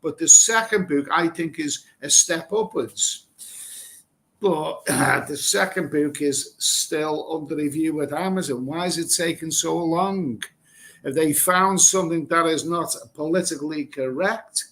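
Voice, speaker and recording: A middle-aged man from England runs a casual live stream and reads out viewer comments. He answers them bluntly, rambles and repeats himself, and swears without a second thought. His voice sits a little high for a man. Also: unhurried, a bit bright. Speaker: livestream host reading viewer comments. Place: Thailand.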